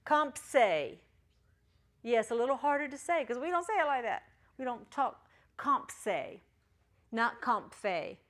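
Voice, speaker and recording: A woman's voice: high voice, animated, normal speed, fairly bright tone. A woman teaching a Greek class in a classroom, chatty and encouraging, joking with her students. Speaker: Greek teacher at a ministry school. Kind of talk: classroom lecture.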